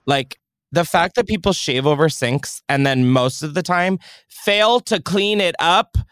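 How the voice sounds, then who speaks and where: A young man hosting a podcast in casual chat, animated and swearing freely. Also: a little high, a little slow, smooth, no room sound, clean studio sound. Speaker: podcast host.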